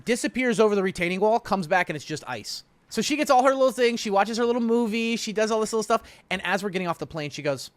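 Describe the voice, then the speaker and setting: A man's voice: sits high, fast talker, hardly any pauses, dry recording. A man hosting a stream, telling a story casually and animatedly, often restarting his sentences. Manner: animated, frequent restarts and repeated words. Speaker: stream host.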